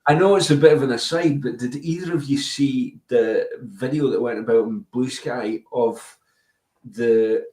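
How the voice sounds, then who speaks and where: A man's voice: mid-range voice, unhurried, darkish tone. A man co-hosting a casual podcast chat, enthusiastic with some hesitant ums. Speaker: podcast co-host. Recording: echoey room.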